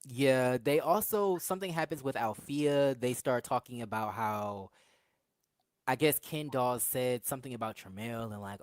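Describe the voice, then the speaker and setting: A woman's voice: extremely low pitch, moderate pace, no room sound. A chatty woman recaps a reality show in loose, casual talk. She laughs often and slips into quoted voices as she tells it. The sound is close and dry. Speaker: podcast co-host reviewing a reality show.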